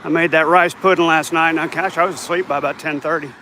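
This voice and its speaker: A vlogger rambles to his viewers while walking down a neighborhood street, speaking fast in a somewhat high, steady-toned voice. He's tired and yawns at times, and faint traffic and passing cars hum behind him outdoors.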